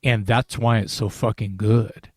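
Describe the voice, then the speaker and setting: A man's voice: lowish voice, fairly even intonation, a little slow, dry recording, clean studio sound. Rambling man in casual rock talk. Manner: rambling, many restarts and fillers. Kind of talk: casual podcast album discussion.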